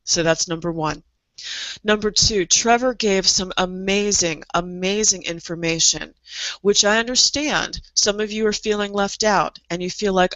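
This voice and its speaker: A woman's voice: fairly low pitch, measured pace, fairly bright tone, dry recording, muffled recording. A middle-aged woman coaching aspiring writers in a motivational online presentation, speaking earnestly and leading guided imagery with repeated phrases. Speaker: creative coach.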